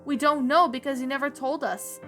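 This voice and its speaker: A woman's voice: high voice, fairly even intonation, a little fast, fairly bright tone, faint music behind, pitched above the performer's own voice. A woman voicing a worried middle-aged father asking anxious questions.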